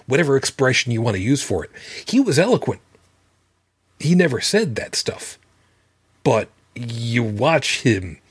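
A man's voice: medium pitch, slightly rough, no room sound. A man hosting a livestreamed podcast who talks casually, bluntly and with plenty of swearing. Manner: blunt, profane, emphatic. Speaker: podcast host.

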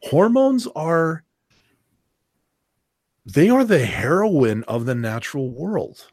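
A man's voice: on the high side, sing-song, takes it slowly, darkish tone, no room sound, studio quality. A man hosting a casual podcast discussion, talking in long, rambling stretches with emphatic points and sarcastic asides. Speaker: podcast host.

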